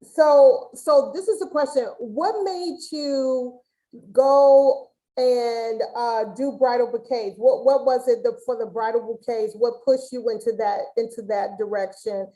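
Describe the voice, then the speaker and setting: A woman's voice: fairly high pitch, steady tone, measured pace, mellow, rough recording. A woman hosting a casual webinar interview over a video call, chatty and rambling, with many restarts. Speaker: host.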